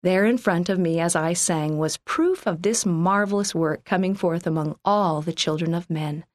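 A woman from Canada reading a first-person church magazine article aloud in a calm, earnest, scripted narration. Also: fairly low pitch, moderate pace, no room sound, clean studio sound.

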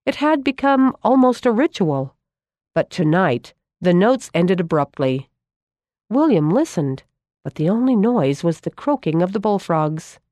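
A woman narrates a storybook aloud in a calm, measured way. Her voice is on the low side, and the recording is close and dry with no room echo.

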